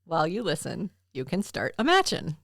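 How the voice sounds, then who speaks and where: A woman's voice: fairly low pitch, wildly swooping pitch, moderate pace, vocal fry, fairly bright tone, dry recording, clean studio sound. Giggly Southern woman hosting a podcast. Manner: laughs often, bubbly and teasing. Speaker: podcast co-host. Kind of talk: casual podcast chat.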